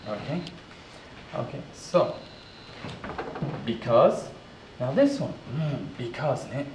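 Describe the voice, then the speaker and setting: A man teaches pronunciation at a very slow, deliberate pace, spelling out letters and repeating each word. His voice sits back from the mic in an echoey room with a faint hiss underneath. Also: medium pitch, sing-song, a little mellow. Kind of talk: slow classroom pronunciation drill. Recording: roomy echo, voice from a distance.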